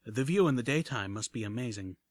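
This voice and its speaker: A man's voice: mid-range voice, animated, brisk, dry recording. Man narrating an action story dryly. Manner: dramatic first-person narration, voices the heroine's lines. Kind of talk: audiobook reading of fan fiction.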